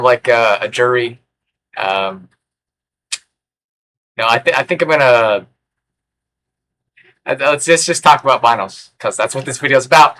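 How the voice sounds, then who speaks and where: Bright-voiced rambling young-sounding man. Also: mid-range voice. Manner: rambling, sarcastic and erratic, with sudden loud outbursts. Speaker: record collector vlogger. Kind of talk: rambling unscripted vlog chat.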